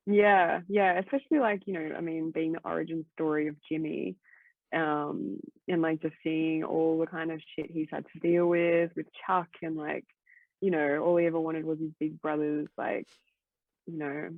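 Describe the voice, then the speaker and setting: Woman guest, casual chatty rambler, fry in the voice, tinny phone-quality audio. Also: low-pitched, little pitch movement, normal speed, no echo. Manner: rambling, full of "like" fillers, swears freely. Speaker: guest co-host. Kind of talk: casual podcast chat. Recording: tinny phone-like line, dry.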